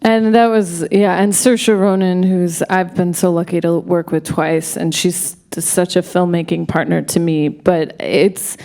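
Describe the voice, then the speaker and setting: Halting, excitable woman director on stage. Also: on the low side. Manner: halting, full of restarts and self-corrections; excited, tumbling storytelling. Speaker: film director, guest at a Q&A. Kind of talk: live panel Q&A conversation. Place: stage at a film festival event.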